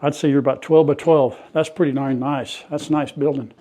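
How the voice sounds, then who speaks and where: Brisk and mellow, with a medium-pitched, fairly even voice, an older farm vlogger chats to viewers in a folksy way as he works clearing an old farm building. Dust makes him cough now and then, and the setting is the outbuilding and its yard.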